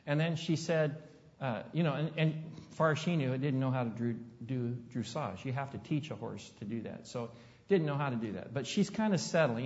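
A middle-aged pastor tells a story from the pulpit in an easy, folksy way and keeps turning to the congregation with questions. His voice sits at an ordinary pitch. It rings through a large hall with a long echo, and the recording sounds dull and muffled. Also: brisk, a little mellow. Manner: folksy, conversational, asks the audience questions. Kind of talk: storytelling sermon.

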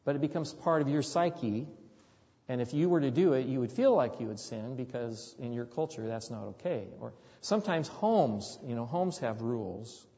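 A man's voice: mid-range voice, animated, normal speed, warm tone. A man preaching a sermon, telling a story earnestly and often repeating his words. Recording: dull sound with long hall reverb.

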